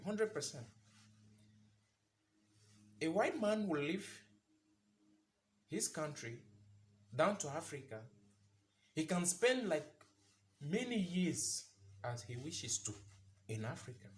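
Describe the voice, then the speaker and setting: A man's voice: a little high, animated, takes it slowly, long pauses, slight background noise. A man giving an impassioned commentary monologue, asking rhetorical questions and repeating phrases for emphasis. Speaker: vlogger.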